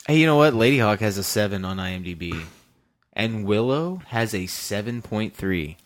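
A man hosting a film podcast in casual chat. He is animated and opinionated, and he swears freely. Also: lowish voice, moderate pace. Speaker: podcast host and film editor.

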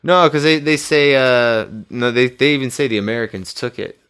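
A man co-hosting a casual movie podcast, animated and excitable as he retells scenes. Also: mid-range voice, moderate pace, clean tone. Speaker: podcast co-host.

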